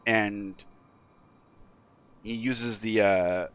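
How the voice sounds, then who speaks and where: A man's voice: lowish voice, drawn-out words, clear, resonant tone. A man streaming a game who rambles through a story in a casual way, with lots of fillers. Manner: rambling, frequent fillers, animated.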